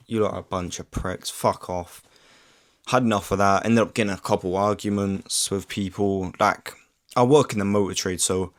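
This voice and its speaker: A young man telling a story to camera in a rambling, sweary, casual way, full of "like". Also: lowish voice. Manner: rambling, sweary, filler-heavy with lots of "like". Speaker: vlogger. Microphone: camera mic.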